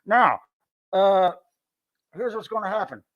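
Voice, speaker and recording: A man hosting a live stream with loud, joking, profane banter. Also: high voice, animated, takes it slowly, dull audio. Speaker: host. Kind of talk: casual live-stream chat.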